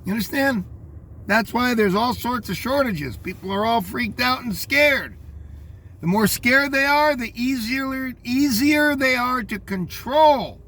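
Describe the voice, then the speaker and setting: A man's voice: very high voice, measured pace, a bit bright. An older man reading out news headlines and commenting on them in a rambling, scornful way, talking straight to his listeners.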